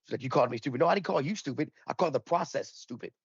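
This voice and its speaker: A man's voice: mid-range voice, expressive, racing, gravelly, husky, no room sound, lo-fi sound. A man in casual podcast chat, telling a rambling, profane anecdote and acting out the dialogue in it. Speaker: podcast panelist.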